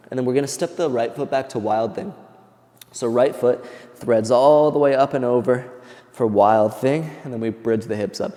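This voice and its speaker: Man, yoga teacher, out of breath, counting holds, mellow voice, long hall echo. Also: mid-range voice, moderate pace. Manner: calm counting cues, moving along with the class. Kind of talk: guiding a yoga class.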